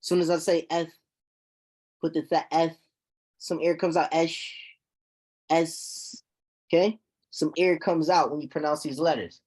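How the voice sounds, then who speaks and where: A man teaching a recitation class, explaining terms slowly and checking on his students with repeated "okay?". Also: a little high, fairly even intonation, a little mellow, breathy edge. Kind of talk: classroom lesson.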